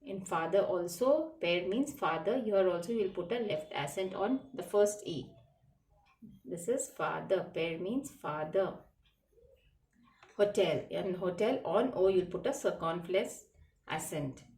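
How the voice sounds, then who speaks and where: A teacher explains French words to children in a slow, patient classroom lesson, spelling them letter by letter. Her voice, middle in pitch with a darkish tone and lively intonation, comes from a distance in a roomy, echoing space.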